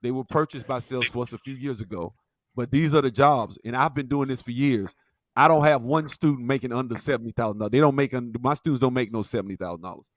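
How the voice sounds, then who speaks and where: A man's voice: mid-range voice, quick pace, no room sound. A man who teaches tech skills, speaking confidently and matter-of-factly on a live panel. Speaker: tech instructor, guest. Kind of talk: casual live audio chat.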